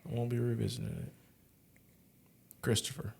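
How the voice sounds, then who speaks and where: A man's voice: mid-range voice, wildly swooping pitch, moderate pace, gravelly, darkish tone, slightly rough. Podcast co-host, man, blunt and repetitive, casual review talk. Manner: blunt, repeats himself while telling a story. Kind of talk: casual album review chat.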